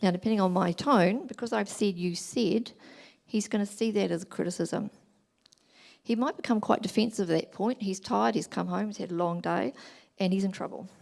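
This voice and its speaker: A middle-aged woman giving a talk at a church family weekend, explaining gently and acting out examples. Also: mid-range voice, fairly quick, gravelly. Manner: gentle, explanatory, acts out examples in quoted voices.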